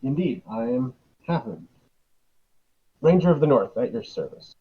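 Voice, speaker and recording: A man's voice: medium pitch, big pitch swings, moderate pace, breathy edge, phone-quality sound. A man playing his character in a tabletop game, speaking in character with hammy flourishes. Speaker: player.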